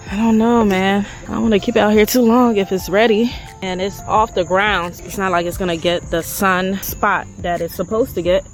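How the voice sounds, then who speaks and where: A woman chatting excitedly to her viewers as she walks through her backyard garden. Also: mid-range voice, low-quality recording. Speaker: garden vlogger. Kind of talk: casual garden vlog.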